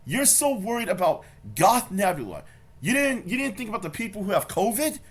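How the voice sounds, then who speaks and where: A man's voice: high voice, very animated, fairly quick, slightly rough. Heated man ranting on a reaction video. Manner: heated, confrontational, swearing, repeats himself. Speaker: YouTube commentator. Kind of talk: angry reaction commentary.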